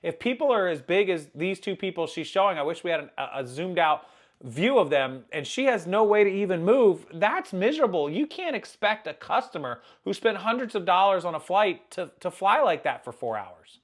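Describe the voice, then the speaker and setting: A man's voice: high-pitched, sing-song, normal speed. A man commenting on viral clips in a casual, opinionated, plain-spoken way.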